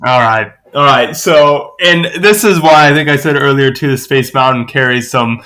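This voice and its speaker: Brief: a man spinning a lively anecdote, bright tone. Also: moderate pace. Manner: lively storyteller, acts out quoted voices with big pitch jumps. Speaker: podcast guest. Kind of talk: animated anecdote telling.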